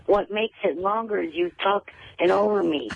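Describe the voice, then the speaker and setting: A man calls in to a radio show over a tinny phone line, and his gravelly voice sits a little higher than most. He speaks haltingly and often repeats his words. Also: no room sound. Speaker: caller. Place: on a phone call.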